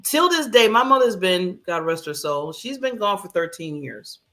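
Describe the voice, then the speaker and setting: Lively gravelly woman chatting on a talk show. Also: fairly low pitch, moderate pace. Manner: laughs often, animated storytelling. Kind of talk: casual chat.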